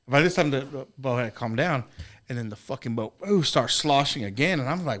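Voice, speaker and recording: A man swapping stories on a casual podcast, his voice sitting at an ordinary middle pitch. He talks with constant cursing and jumps into animated, acted-out exclamations when he tells a story. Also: brisk. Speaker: podcast participant.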